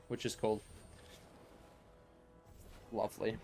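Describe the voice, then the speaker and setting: A man's voice: fairly low pitch, flat delivery, normal speed, soft background music. Rambling male game streamer. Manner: rambling, lots of "like" and "you know". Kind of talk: casual livestream chat.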